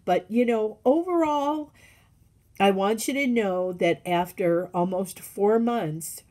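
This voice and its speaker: Slow-talking woman, candid and halting. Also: medium pitch, darkish tone. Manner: candid, halting, with many restarts and fillers. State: tearful. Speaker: vlogger. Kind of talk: personal video diary.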